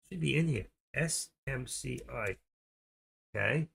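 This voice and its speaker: A middle-aged man hosting a trading livestream, talking casually and fast as he walks viewers through charts and watch lists. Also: medium pitch, animated, gravelly, a bit bright, breathy edge. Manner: rambling, talks fast while clicking through charts. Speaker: stock trading livestream host. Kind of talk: casual live screen-share commentary.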